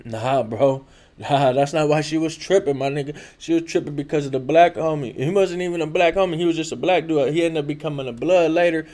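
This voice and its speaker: A man's voice: on the high side, brisk, darkish tone. A man with a Californian accent telling a casual personal story in slangy, profane speech full of filler tags. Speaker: show host telling a story.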